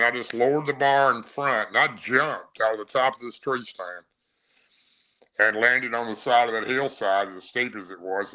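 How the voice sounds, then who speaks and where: Bright-voiced middle-aged man telling a story. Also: mid-range voice, low-quality recording. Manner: rambling, vivid first-person storytelling. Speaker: podcast guest. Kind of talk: casual storytelling.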